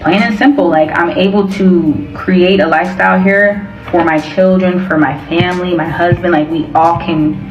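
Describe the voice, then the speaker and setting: A playful, chatty American woman talks casually to her followers. Her voice sits a little low and carries the echo of a roomy space, heard from off-mic. The sound is dull, with music playing beneath. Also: fairly even intonation, far from the mic, slight background noise. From United States. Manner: chatty, playful, fast-talking. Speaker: vlogger. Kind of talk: casual vlog chat.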